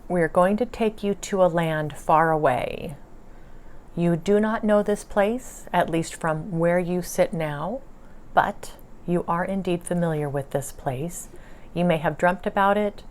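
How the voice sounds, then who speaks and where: A woman with a somewhat low voice recounts a channeling session in casual spoken style. She drops to a soft, slow delivery when quoting her spirit guides. Her own replies come in excited bursts.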